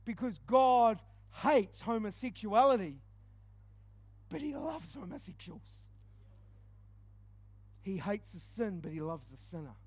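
A man delivers a lively storytelling sermon. His voice sits high for a man. He booms one moment and goes quiet the next. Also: slow pace, pauses often, breathy edge, no room sound. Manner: animated, swings from loud exclaims to hushed asides. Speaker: preacher.

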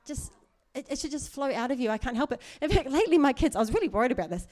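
A woman's voice: high-pitched, animated, racing, hardly any pauses, a little mellow. A middle-aged woman preaching in a chatty, earnest way, with asides and laughs. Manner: conversational, earnest, laughs often, many asides. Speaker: church speaker. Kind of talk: sermon.

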